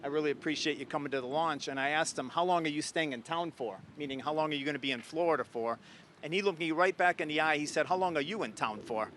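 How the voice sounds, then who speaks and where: A man in his sixties from Ohio, a guest on a live interview, telling a story with animated enthusiasm. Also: on the high side, quick pace, slight background noise. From Ohio, USA. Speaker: guest, former astronaut.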